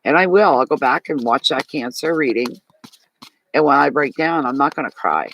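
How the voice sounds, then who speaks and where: A man's voice: mid-range voice, moderate pace, gravelly, highs cut off. Chatty man with a Maritime Canadian accent. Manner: chatty and animated, talks straight to viewers. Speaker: tarot reader. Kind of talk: live tarot reading, reading chat comments.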